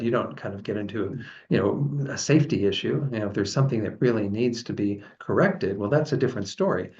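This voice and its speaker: A man's voice: lowish voice, a little fast. Chatty man giving a dharma talk. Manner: relaxed and chatty, laughs often. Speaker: Buddhist teacher. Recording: dull lo-fi sound.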